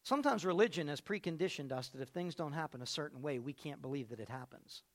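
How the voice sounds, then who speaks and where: A man preaching a sermon, telling a story and swinging between hushed delivery and loud, raised passages. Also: a little high, expressive, fast.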